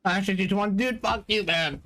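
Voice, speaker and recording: A man's voice: sits high, fairly quick, sharp tone. A man streaming a game, rambling casually, swearing and stammering, with a headache. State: has a headache. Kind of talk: casual live-stream commentary.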